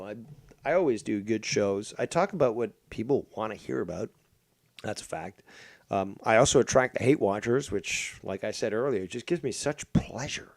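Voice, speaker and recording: A male livestream host with a creaky, darkish, mid-range voice goes on a profane, mocking casual rant, stumbling over fillers and restarts. There's no echo.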